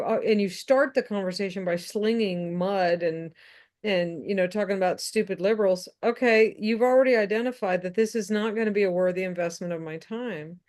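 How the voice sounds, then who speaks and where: A woman's voice: mid-range voice, a little mellow. A woman co-hosting a casual political podcast, talking frankly and bluntly, often restarting her sentences. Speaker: podcast co-host.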